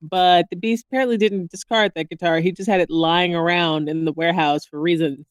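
A woman co-hosting a podcast in casual chat, animated and quick to laugh. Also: fairly low pitch, clean tone, dry recording. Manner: chatty, animated, laughs often. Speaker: podcast co-host.

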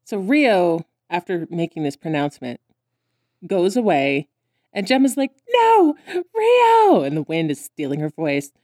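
A woman co-hosting a podcast, chatting casually about a cartoon episode, laughing often and acting out characters' lines in high squeals. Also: normal speed, a little mellow, no echo, clean studio sound. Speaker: podcast co-host.

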